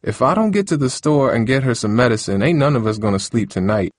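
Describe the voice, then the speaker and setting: A tired, busy young aunt talks quickly and plainly, as a male narrator puts her on. The voice sits high above his own deep register. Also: expressive, dry recording, clean studio sound, lightly acted. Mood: weary. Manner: raised pitch, tired and brisk. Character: weary young aunt, hair stylist, caring for baby.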